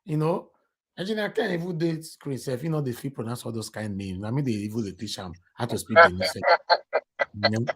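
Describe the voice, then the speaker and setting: Nigerian man, live-stream talk host, animated and teasing, mixes Pidgin with English. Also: mid-range voice, a little fast, husky. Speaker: host of a live online political talk show. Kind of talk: live stream chat with callers.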